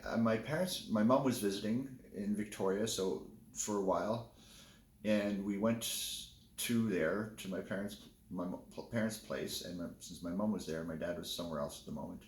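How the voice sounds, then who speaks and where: Low-voiced man telling a candid story. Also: reverberant. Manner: candid, rambling, with many restarts. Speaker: vlogger. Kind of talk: casual personal storytelling.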